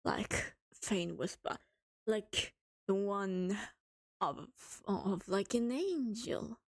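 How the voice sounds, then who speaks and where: Slow-talking giggly woman streamer. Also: medium pitch. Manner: joking, giggly, swears often. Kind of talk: reading horror stories on a livestream.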